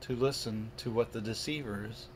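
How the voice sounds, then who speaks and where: A man preaching in a video, reading scripture slowly and emphatically, then breaking into mocking asides. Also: lowish voice, steady tone, a little hiss or hum. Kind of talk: video sermon commentary.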